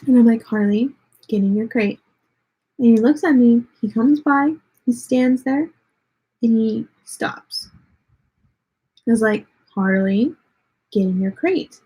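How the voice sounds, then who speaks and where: A woman's voice: fairly high pitch, slow pace, long pauses, warm tone, slightly rough, poor audio. A young woman with a Texan accent chatting bluntly and sarcastically on a livestream, filling her talk with "like". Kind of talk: casual livestream chat.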